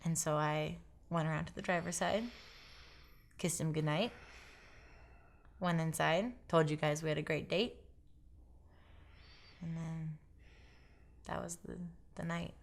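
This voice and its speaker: A young woman giving a documentary interview, speaking haltingly and quietly, often sinking toward a whisper. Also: sits low, little pitch movement, gravelly.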